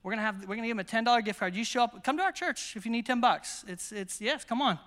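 The sound is that of a big room: a conference hall where an American pastor talks fast in a very high voice. He preaches through energetic stories, acting out the quotes.

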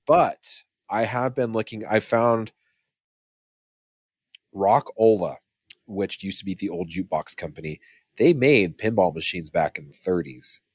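Low-voiced man rambling through numbers. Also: unhurried, long pauses, darkish tone, slightly rough, no room sound, studio quality. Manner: rambling, self-correcting, restarts often. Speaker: podcast co-host. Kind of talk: casual chat.

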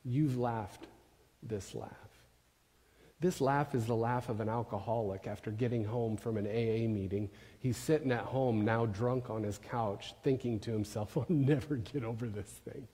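A man giving a sermon, telling a story with emphatic questions and soft drops. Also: medium pitch, fairly even intonation, a little slow, husky. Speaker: pastor. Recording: long hall reverb.

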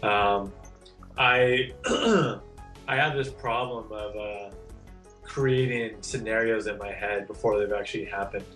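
A man's voice: on the low side, slow pace, a bit bright, distant mic, soft background music. A man talking as a guest on a podcast in casual chat, candid and rambling, with many "like" fillers.

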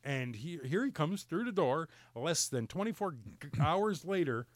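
A middle-aged man telling a story in casual podcast chat, exasperated and animated, laughing and apologizing for swearing. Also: on the high side, normal speed, no room sound.

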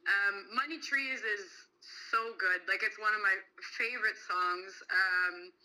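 A woman's voice: mid-range voice, slow pace, bright, forceful tone, poor audio. A young woman co-hosting a podcast, chatting casually and enthusiastically about albums, with lots of "like" fillers. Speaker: podcast co-host. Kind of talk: casual music chat.

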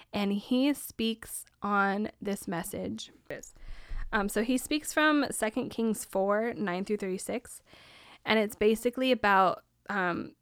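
A woman's voice: mid-range voice, clean tone, no room sound, clean studio sound. A young woman hosting a podcast, telling a personal story in a candid, casual way with lots of "like". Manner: casual, candid, says "like" often. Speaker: podcast host.

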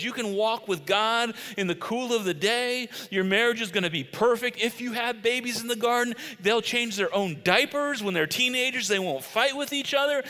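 A man's voice: extremely high pitch, pushed and bright, pitched above the performer's own voice. A man voicing God as a generous deity who offers everything and asks one thing, speaking emphatically. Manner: emphatic, lavish promises. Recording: long reverb of a large hall.

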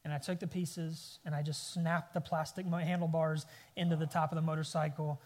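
A man's voice: fairly high pitch, flat delivery, brisk, a little mellow. A man in his thirties preaching a sermon, telling a family story with rising bursts of emphasis. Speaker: pastor. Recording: long hall reverb.

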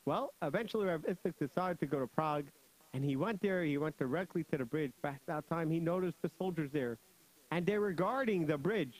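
A young man hosting a children's radio show, joking, laughing often and telling stories in an animated way. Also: on the high side, fairly quick, poor audio. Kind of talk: playful storytelling for kids.

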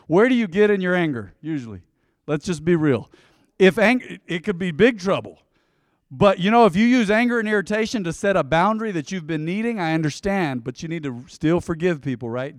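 A man preaching a sermon in a lively, storytelling way, often asking the congregation to repeat his words back to him. His voice sits a little higher than most men's, and it was recorded close and dry with no room echo. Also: a little fast. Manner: animated, storytelling with congregation call-and-response. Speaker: pastor.

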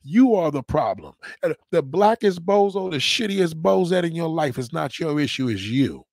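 A man hosting a livestream, giving a blunt, profane motivational rant and slowly repeating a mantra. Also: a little high, sing-song, vocal fry, a little mellow, no echo, clean studio sound. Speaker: livestream host.

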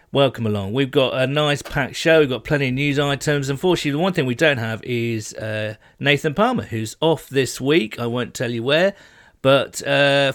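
A man hosting a podcast, chatting casually and filling pauses with "um" and "uh". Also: mid-range voice. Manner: relaxed, chatty, frequent fillers. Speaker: podcast host.

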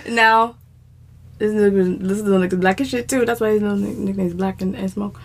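A woman co-hosting a podcast, telling a profane story in casual chat and getting more animated and loud. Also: medium pitch, fairly quick, vocal fry. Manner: animated, profane, rising to shouting as she relives anger.

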